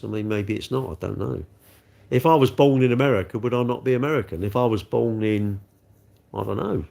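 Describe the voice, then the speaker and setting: Rambling English man, gravelly voice. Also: mid-range voice, a little mellow. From England. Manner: rambling, chatty, self-mocking. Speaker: livestream host. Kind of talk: casual livestream chat reading comments.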